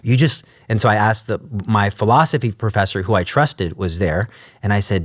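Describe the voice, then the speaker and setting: A man's voice: fairly low pitch, normal speed, dry recording, clean studio sound. A man telling his story as an interview guest, acting out the voices of the people in it. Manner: animated, acts out quoted voices. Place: podcast studio.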